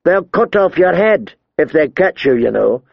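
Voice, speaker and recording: A man voicing a shrill, nervous young male recruit who jokes around. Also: big pitch swings, a little slow, gravelly, breathy edge, no room sound, highs cut off, exaggerated voice. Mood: joking. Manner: shrill, jittery.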